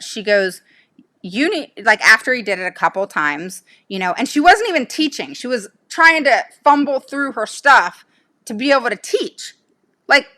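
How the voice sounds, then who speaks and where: On a casual livestream, a special education advocate talks to her viewers in a mid-range, pushed, bright voice. She's emphatic and indignant, firing off rhetorical questions.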